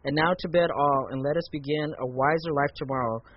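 Man voicing a scheming storybook witch queen, raised and loud, taunting, dull lo-fi sound. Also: on the high side, a little fast, lightly acted. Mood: commanding. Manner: taunting, reading aloud from a book. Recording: muffled lo-fi recording.

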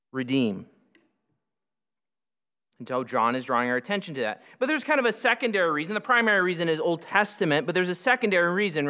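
Bright-voiced man preaching a sermon. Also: high voice, big-room sound. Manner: teaching, explanatory, with many restarts and slow emphatic phrases. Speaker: pastor.

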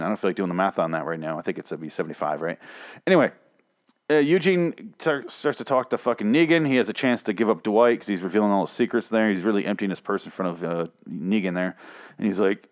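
A man hosting a TV review show, ranting in a casual, exasperated way, swearing often and restarting his sentences. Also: lowish voice. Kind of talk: casual profane rant.

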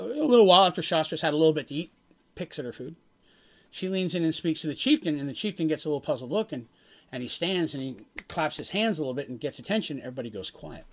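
A man runs a tabletop game, telling the scene in a loose, rambling way. His voice moves up and down a lot as he talks. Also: medium pitch. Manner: casual, rambling narration with restarts. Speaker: game master.

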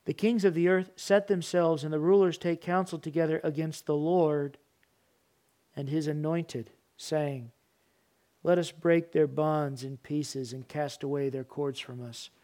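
A middle-aged man preaching a sermon, animated, acting out parents and children in raised voices. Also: a little high, a little slow. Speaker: pastor.

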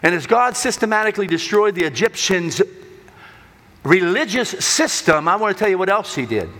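Man, preacher, sermon, fairly high voice, long hall reverb, dramatic loud-to-hushed delivery. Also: very animated, moderate pace. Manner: dramatic swings between loud emphasis and hushed low delivery.

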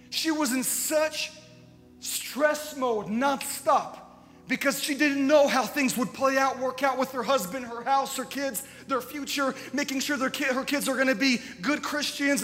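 Brief: male preacher, chatty sermon with faint music underneath, quiet confiding asides that build into big emphatic punches. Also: very high voice. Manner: conversational, swinging from quiet asides to loud emphatic bursts. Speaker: pastor. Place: church sanctuary. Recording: long church reverb with faint music.

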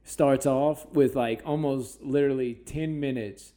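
Profane male podcast host who tells stories loosely and drops into quick silly voices. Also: mid-range voice. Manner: profane, animated storytelling with comic impressions. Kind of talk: casual chat.

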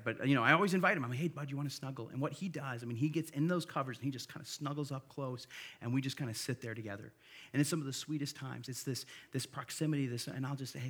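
Casting: male pastor, thirties, relaxed storyteller preaching at a church service, mid-pitched voice. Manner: casual, conversational preaching with fillers and storytelling. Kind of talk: sermon.

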